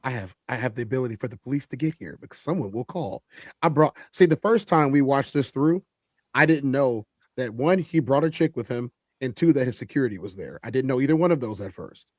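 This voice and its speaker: A man's voice: mid-range voice, lively intonation, fairly quick, no room sound. A man hosting a reaction commentary, emphatic and repeating phrases for effect. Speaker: host.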